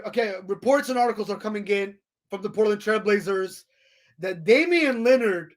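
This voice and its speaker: A man hosting a solo sports podcast, excitable and full of restarts, calling the audience "folks" and "ladies and gentlemen" as he runs through scores and picks. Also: sits high.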